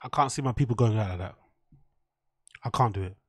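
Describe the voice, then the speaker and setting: A man's voice: fairly low pitch, brisk, dry recording. A man giving casual, slangy reaction commentary, laughing and sounding incredulous at what he watches. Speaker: streamer reacting to clips.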